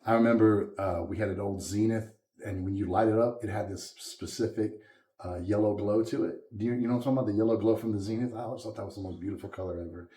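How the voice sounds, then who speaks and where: A man's voice: lowish voice, fast talker. A man from Louisiana with a Southern accent, a musician guest telling stories in a casual interview and laughing often. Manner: animated storyteller, laughs often. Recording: echoey room.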